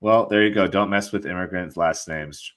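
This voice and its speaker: Low-voiced male podcast host. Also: normal speed, a crowd in the background. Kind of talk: casual interview.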